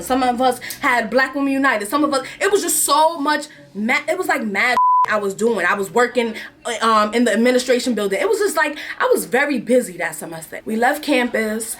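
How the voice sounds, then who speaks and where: A woman's voice: mid-range voice, a bit bright, a little hiss or hum. A young woman in her twenties from New York, telling a personal story to camera in candid, slangy, emotional chat. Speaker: vlogger. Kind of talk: casual confessional chat.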